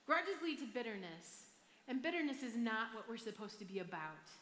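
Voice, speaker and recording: A woman pastor with a Michigan accent delivers a sermon, mixing a personal story with scripture in a chatty, self-deprecating manner. Her voice is bright and sits a little high. It rings out in an echoey church hall with a long reverb. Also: sing-song, moderate pace, slight background noise. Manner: chatty and self-deprecating, asks the crowd "right?".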